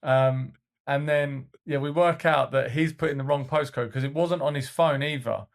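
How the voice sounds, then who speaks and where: Gravelly-voiced coach, casual podcast co-host, loose rambling anecdotes. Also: male voice, mid-range voice, fairly even intonation, moderate pace. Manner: rambling storytelling with many fillers and restarts.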